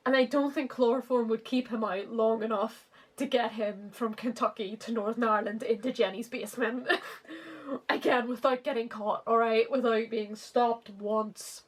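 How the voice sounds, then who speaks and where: A woman in her twenties giving a sarcastic comic read-through of her old fan fiction, laughing often and swearing. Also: on the high side. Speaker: author reviewing her teen fanfiction.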